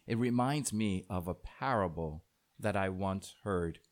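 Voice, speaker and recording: Slow, low-voiced preaching priest. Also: male voice. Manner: slow, deliberate preaching with dramatic rises in a told parable. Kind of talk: sermon.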